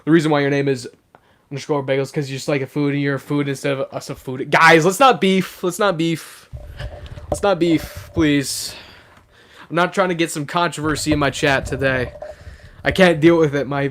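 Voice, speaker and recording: A young man hosts his live stream, reading chat aloud and talking casually. Being sick has roughened his voice a little. He sits somewhat high in pitch and chatters eagerly with plenty of "um"s. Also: fairly quick, slight background noise. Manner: chatty and excitable, full of fillers. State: sick, voice sounds rougher than usual.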